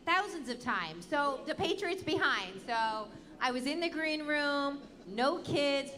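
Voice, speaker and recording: A woman's voice: sits high, lively intonation, slow pace, fairly bright tone. A woman co-hosting a live show, chatting casually and playfully pushing back. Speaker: co-host. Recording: long hall reverb.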